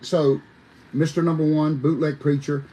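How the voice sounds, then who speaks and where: A man, a former wrestler telling lively, folksy stories as a podcast guest, talking straight to his listeners. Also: on the high side, moderate pace, muffled recording. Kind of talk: animated storytelling on a podcast.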